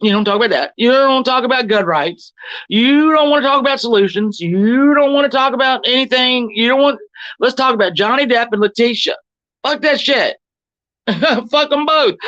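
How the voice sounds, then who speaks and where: A woman's voice: a little high, a bit bright, no echo, lo-fi sound. A woman hosting a livestream who rants in a profane, combative way, mocking her critics and reading chat comments aloud before firing back at them. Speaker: livestream host. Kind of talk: confrontational livestream rant.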